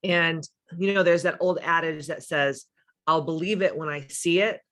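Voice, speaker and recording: A woman's voice: deep voice, moderate pace, a bit bright. A woman hosting a casual livestream who talks in an emphatic, candid way, swears freely and reads out viewers' comments. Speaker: livestream host and spiritual coach.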